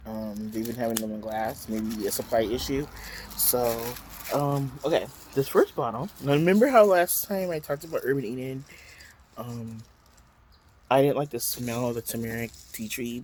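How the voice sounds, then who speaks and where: A man at home talking to his viewers in a chatty storytime manner, tossing in dramatic exclamations and plenty of fillers. His pitch sits in an ordinary middle range. A faint background hiss runs under the recording. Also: darkish tone. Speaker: vlogger. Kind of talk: casual storytime and product unboxing.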